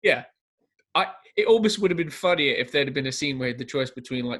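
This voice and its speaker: A man co-hosting a podcast over a remote call, talking about movies in a halting, laughing way. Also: mid-range voice, lively intonation, a bit bright. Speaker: podcast co-host. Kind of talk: casual movie chat. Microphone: remote call recording.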